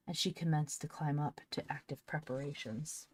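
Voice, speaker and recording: A woman's voice: low voice, steady tone, moderate pace, a little mellow, husky. A woman reading a children's story aloud as narrator. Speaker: audiobook reader. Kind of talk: scripted narration.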